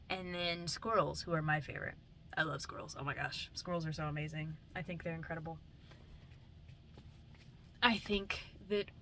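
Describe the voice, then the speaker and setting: A woman's voice: low-pitched, a bit bright, a little hiss or hum. Drowsy young woman rambling late at night. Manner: drowsy, meandering, casual swearing. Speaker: vlogger. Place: home, at night.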